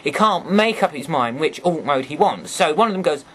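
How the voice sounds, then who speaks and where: Male toy reviewer, chatty and rambling, animated pitch, jokey apologies. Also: normal speed, breathy edge.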